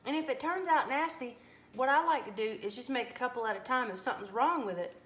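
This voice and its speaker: A woman hosting a casual live cooking stream from her home kitchen, folksy and animated as she reads viewer comments. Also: fairly high pitch, quick pace. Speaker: cooking livestream host. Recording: echoey kitchen with faint background noise.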